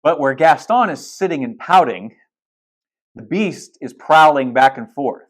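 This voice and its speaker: A man's voice: on the high side, expressive, unhurried. A male pastor preaching a sermon in a casual, storytelling way, retelling film scenes with blunt asides and restarts.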